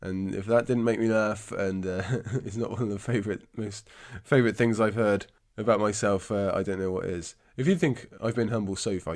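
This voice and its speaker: A man's voice: lowish voice, fairly even intonation, moderate pace, hardly any pauses. A man hosting a book podcast, congested and with a scratchy throat, chatting in a rambling, self-deprecating way. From England. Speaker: podcast host. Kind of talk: casual podcast chat about books.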